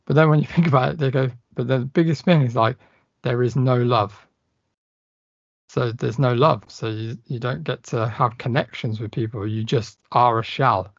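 A man's voice: mid-range voice, steady tone, normal speed, gravelly, no room sound. A man co-hosting a podcast, chatting casually about films and acting out lines in bursts. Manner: chatty, acts out lines from films in raised voices. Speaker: podcast co-host. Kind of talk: casual film chat. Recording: dull, slightly muffled podcast audio.

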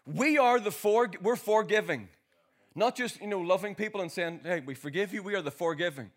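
Brisk and high-voiced, this preacher from Northern Ireland is in his forties. His sermon starts with a homely tale and climbs into stirring exhortation.

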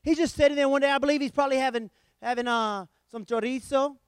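A middle-aged man preaching a sermon, telling the story with animated swings between loud emphasis and hushed lines. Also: very high-pitched, fast talker, clear, resonant tone, dry recording.

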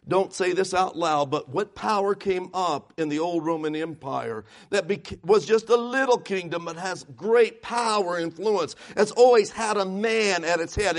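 A man preaches a sermon in a notably high voice. He is emphatic and keeps asking his listeners questions. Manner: emphatic, asks the congregation questions.

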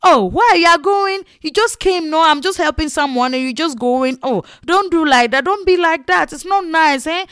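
A woman's voice: very high voice, expressive, normal speed, few pauses, a bit bright, no echo, clean studio sound, voice pushed up. A woman voicing a pushy, overly familiar female market seller, coaxing and scolding.

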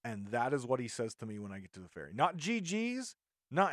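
A male podcast host delivers an indignant, rambling monologue, often restarting his sentences. His voice is a little high with big pitch swings at normal speed, recorded dry with studio quality.

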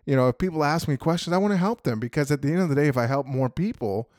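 A man's voice: on the high side, lively intonation, fast, a little mellow, no echo, studio quality. A man hosting a podcast, giving a casual motivational talk and often asking "right?" to the listener. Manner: casual, repeats "you know" and "right?" often. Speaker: podcast host.

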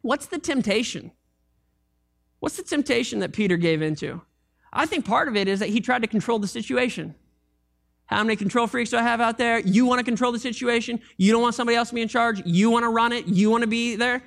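A man preaching a sermon as pastor, animated and conversational, with jokes and asides to the congregation. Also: very high-pitched, brisk, creaky.

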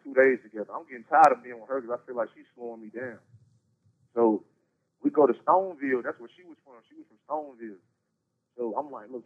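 A man from North Carolina tells his story in a rapid, rambling rush, full of slang and swearing. His voice sits at an ordinary middle pitch. It comes through a thin, tinny phone line. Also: husky. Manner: blunt, profane, slangy and rambling. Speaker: incarcerated interview guest. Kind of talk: casual storytelling.

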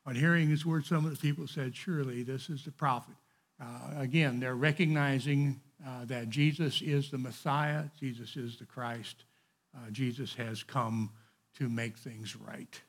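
A man's voice: medium pitch, steady tone, normal speed. A man leading an informal Bible study, reading passages aloud and adding digressive, conversational commentary.

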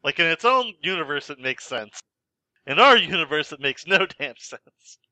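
A man's voice: a little high, very animated, normal speed, sharp tone, dry recording. A man hosting a casual movie podcast, joking and teasing his co-hosts. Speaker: podcast host. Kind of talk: casual movie-review chat.

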